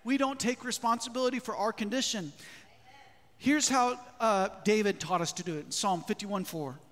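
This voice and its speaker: A man preaching a sermon as a pastor in a church, lively, often putting questions to the congregation. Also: sits high, moderate pace. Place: church sanctuary. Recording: long hall reverb.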